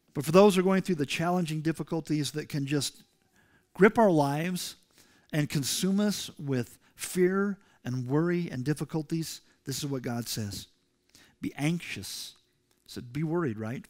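A male pastor preaching a sermon to his congregation, emphatic and rising loud when he reads scripture. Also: a little high. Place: church sanctuary.

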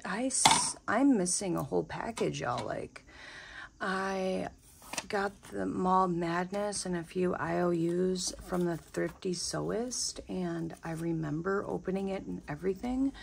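A woman's voice: on the low side, creaky, slight background noise. A young adult woman vlogging about budgeting in a chatty, casual way, often exclaiming and saying y'all. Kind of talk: casual chat to camera.

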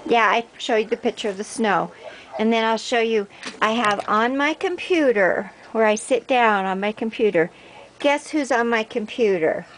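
A woman's voice: on the high side, normal speed, a bit bright, slight background noise, poor audio. An older woman, a grandmother, chatting on the phone in a casual home video while coaxing her dog in a sing-song voice. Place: indoors at home, house rooms.

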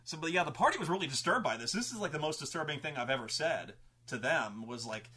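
A man hosting a show, animated and profane, telling a story about running a tabletop game and laughing often. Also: a little high, quick pace, hardly any pauses, breathy edge. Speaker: show host recounting his game mastering. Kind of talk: casual storytelling.

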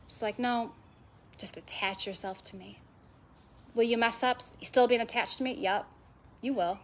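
A fairly high-pitched female voice comes through with slight background noise. The speaker, from a women's ministry, preaches passionately to a live audience in an event venue, emphasizing her points by stacking repeated phrases.

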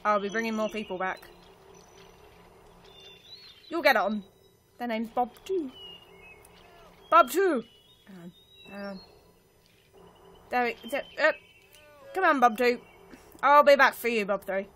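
High bright-voiced woman gaming. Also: slow pace, pauses often. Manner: chatty, self-mocking, bursts into excited cries. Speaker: let's play gamer. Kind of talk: casual gameplay commentary.

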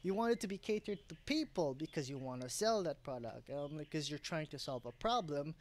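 Young male vlogger, slightly high voice, rambling and self-correcting, at his home desk. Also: expressive, fairly quick. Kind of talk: rambling casual vlog. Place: home desk setup, indoors.

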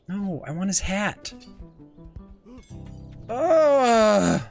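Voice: mid-range voice, sing-song, a little slow, faint music behind. A young adult gaming host giving giggly, playful let's play commentary and often talking as the goose.

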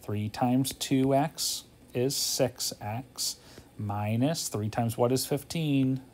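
A man's voice: mid-range voice, slow pace, a little mellow, slight background noise. A man teaching a math homework walkthrough, thinking aloud in a casual way, tired and yawning, often checking in with "okay?".

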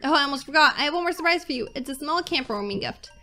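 A woman's voice: high-pitched, expressive, very fast, pushed and bright, faint music behind, exaggerated voice. A woman reading the lines of an upbeat, helpful young female assistant from a game's dialogue boxes. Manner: reading on-screen dialogue aloud.

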